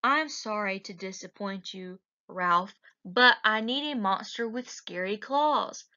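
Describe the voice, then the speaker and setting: A woman's voice: medium pitch, slow, bright, forceful tone. Woman reading a picky young boy. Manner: polite but picky. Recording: dull lo-fi recording.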